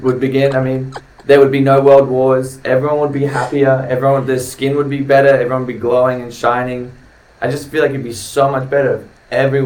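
A man's voice: mid-range voice, a little mellow. A young man with an Australian accent, a podcast guest chatting casually in a loose, joking, crude way full of fillers. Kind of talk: casual chat. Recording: roomy, distant mic with faint noise.

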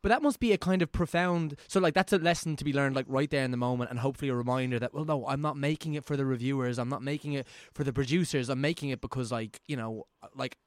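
A man hosts a casual interview, working his way through long questions full of fillers and restarts. His voice is mid-pitched. The sound is dry, with no room echo. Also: quick pace, hardly any pauses. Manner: rambling, thinks aloud, lots of fillers. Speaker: podcast host.

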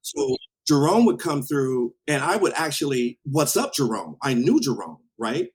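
Man, casual storytelling, husky voice, lively swinging pitch, acts out quotes. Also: a little slow, rough recording. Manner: animated, acts out quotes, swears. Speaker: guest telling a story.

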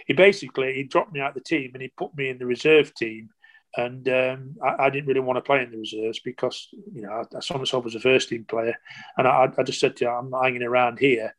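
An older man looks back on his football career for an interviewer. He tells it in long, rambling anecdotes, stopping and restarting, and slips into other people's quoted lines. His pitch sits in the middle range for a man. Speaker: former footballer. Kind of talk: interview storytelling.

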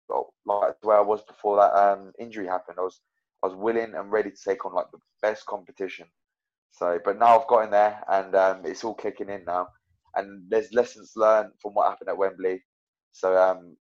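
Brit guy fighter on a podcast, lowish voice, muffled lo-fi sound, talks loose and honest. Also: little pitch movement, fairly quick. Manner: rambling, self-correcting, frank about his own loss. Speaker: MMA fighter guest. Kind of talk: casual interview chat.

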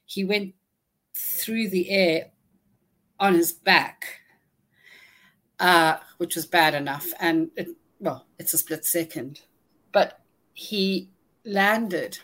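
A woman recounting a personal ordeal in an interview, halting and restarting often, audibly shaken but holding herself together. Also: fairly low pitch. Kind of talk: emotional first-person storytelling.

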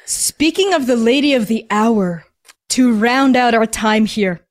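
A woman's voice: a little high, animated, a little slow. A woman narrating as game master in a tabletop game, casual and full of "like"s. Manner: casual, filler-heavy narration with many "like"s.

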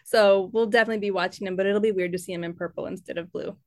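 A woman's voice: mid-range voice, steady tone, very fast, darkish tone, no room sound, clean studio sound. A woman co-hosting a fan podcast in upbeat, chatty conversation, laughing often. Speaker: podcast co-host. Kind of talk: casual chat.

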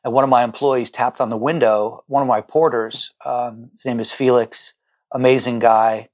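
A man's voice: mid-range voice, steady tone, moderate pace, darkish tone. A middle-aged chef talking as a podcast guest over a remote call, heartfelt and stumbling over repeated words when he gets moved. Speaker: chef and restaurant owner, guest. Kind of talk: emotional podcast conversation.

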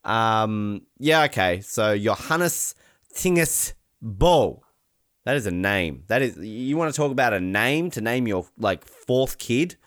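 A man's voice: on the low side, animated, unhurried, hardly any pauses, fairly bright tone, dry recording, studio quality. A man hosting a podcast in casual comedic chat, rambling and joking with frequent laughter. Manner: rambling, jokey, laughs often, breaks into silly voices. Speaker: podcast host.

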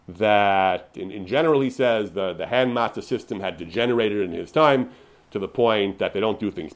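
A man giving an unscripted lecture on religious law, paraphrasing sources with lively emphasis and frequent restarts. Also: fairly low pitch. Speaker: lecturer on Jewish law and history.

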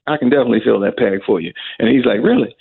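A man's voice: medium pitch, very fast, vocal fry, slightly rough. A man in an interview, telling a story animatedly and acting out the quoted dialogue. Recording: phone-like narrow band with faint music.

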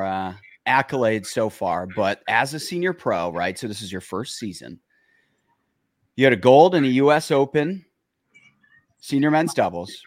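Man, podcast host, low voice, halting with fillers, dry close sound. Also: no room sound. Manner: halting, many pauses and fillers. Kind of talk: casual chat.

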